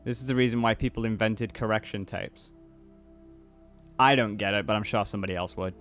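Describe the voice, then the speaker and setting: Brisk and steady, his voice is on the low side with a fairly bright tone, and faint music sits behind it. He's a YouTuber and voice actor in his twenties with a mixed British and American accent, chatting casually about viewer comments, reading them out, rambling and restarting sentences.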